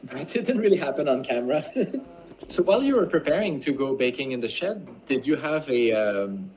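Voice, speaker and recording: A man with a French accent chatting casually while baking, relaxed and self-deprecating, often laughing through his stories. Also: mid-range voice, fairly quick, a little hiss or hum, rough recording. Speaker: home baker and co-host.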